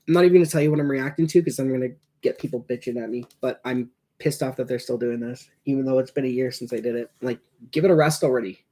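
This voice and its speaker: Man, hockey fan, casual watch-along commentary, rambling, reactive, lots of fillers, mid pitch. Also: fast, few pauses, dark tone.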